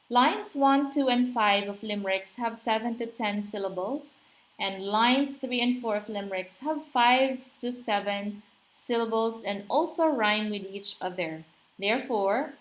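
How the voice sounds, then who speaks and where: A woman's voice: medium pitch, low-quality recording. A woman teaching literature in a patient, explanatory lecture, checking in with her listeners and tapping out rhythms aloud.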